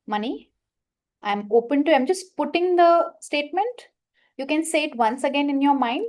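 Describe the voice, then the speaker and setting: A woman coach leading a guided money affirmation exercise, slowly repeating statements and giving prompts to her listeners. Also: high voice, animated, darkish tone. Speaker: manifestation coach leading a workshop.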